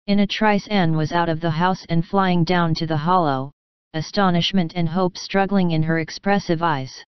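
A woman narrating a classic novel as a bedtime audiobook, calm and even. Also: fairly low pitch, normal speed, clean tone, no room sound, lo-fi sound.

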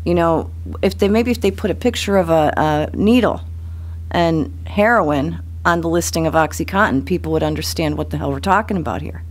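A man's voice: on the high side, a little fast. A man, a county official, speaking bluntly at a public meeting and pressing pointed rhetorical questions.

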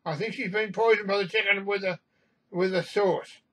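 A man's voice: high-pitched, steady tone, moderate pace, fairly bright tone, low-quality recording. A man voicing a plaintive passenger who travels with his cat and complains. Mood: complaining.

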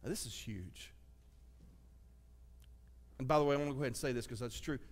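A man with a Southern US accent preaching a sermon as pastor, swinging from loud exclamations to hushed asides. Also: medium pitch, a little fast. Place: church sanctuary. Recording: reverberant church sanctuary.

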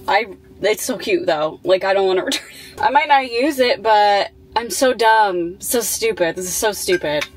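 A young woman tells a casual storytime vlog in a chatty way, packing her talk with "like" fillers. Her voice sits mid-range and moves at normal speed. The room is echoey with faint ambient noise.

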